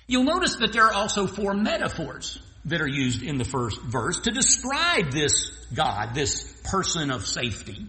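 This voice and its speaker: A man's voice: on the high side, huge pitch swings, normal speed, few pauses, bright, forceful tone. A male pastor preaching an earnest expository sermon, sometimes restarting his phrases. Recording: echoey hall with long reverb.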